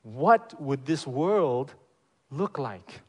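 A man preaching a sermon in a church, emphatic, asking the congregation rhetorical questions and often checking in with "right?". His loudness swings between strong emphasis and quieter phrases. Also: mid-range voice, big pitch swings, drawn-out words, husky. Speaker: pastor.

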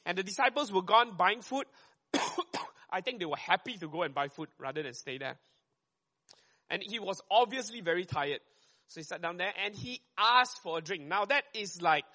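A man preaching a sermon, talking fast and conversationally and often checking in with "right?". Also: sits high, pushed and bright.

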